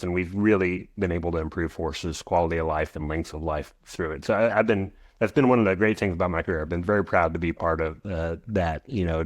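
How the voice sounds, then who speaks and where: A man in his forties speaks in a very low, deep voice, recorded dry and close. He explains at length as a podcast guest, rambling with restarts and asides along the way. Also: dry recording. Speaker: guest, equine veterinarian. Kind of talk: podcast interview.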